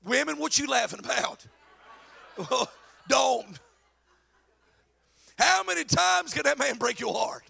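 A male pastor preaching a sermon. He drops to low asides, then shouts his points, and mocks the voices he quotes. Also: animated, takes it slowly, vocal fry, pauses often, breathy edge. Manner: acts out quoted voices mockingly.

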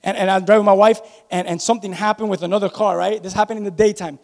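A male pastor with a high voice delivers a quick-paced sermon, the large church hall's long reverb filling the recording. He's lively, recounting personal stories and calling out to the people in the pews.

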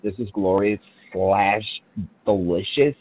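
A man's voice: on the low side, takes it slowly, narrow, tinny audio, a little hiss or hum. A man chatting on a comedy podcast, rambling, swearing and laughing. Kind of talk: casual chat.

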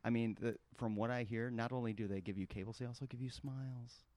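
A man's voice: mid-range voice, steady tone, fast talker, darkish tone, no echo. A man from the Pacific Northwest guesting on a podcast, chatty and playful, stumbling over his words. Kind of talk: casual podcast banter. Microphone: remote mic with occasional crackle.

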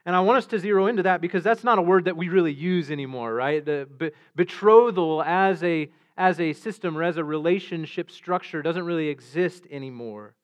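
A man's voice: on the high side, brisk, hardly any pauses. A man preaching a sermon as pastor, earnest, often repeating words as he restarts. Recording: dull lo-fi sound.

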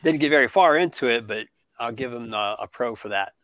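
A man's voice: medium pitch, a little fast, a bit bright, slight background noise. A man giving a brief, plain-spoken opinion in casual comic book chat.

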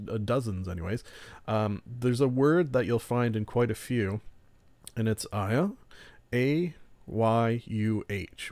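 A man's voice: mid-range voice, a little mellow, dry recording. Rambling, chuckling male podcast host. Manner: rambling, self-interrupting, chuckling often. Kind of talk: casual solo podcast review.

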